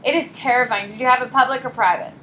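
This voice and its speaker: A young woman teaching high school psychology in a classroom, chatty and animated, often saying "like" and "uh". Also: quick pace, slight background noise, poor audio. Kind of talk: casual classroom lecture.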